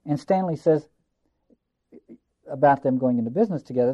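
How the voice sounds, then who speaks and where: A man's voice: medium pitch, fairly quick, long pauses, dark tone, dull audio. A man giving a lecture on a play, musing and reflective, repeating phrases for emphasis.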